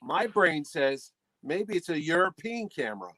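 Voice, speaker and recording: Animated higher-voiced man telling a story. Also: measured pace, low-quality recording. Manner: animated, acts out quotes in the story. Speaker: podcast host. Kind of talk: casual chat, comic storytelling.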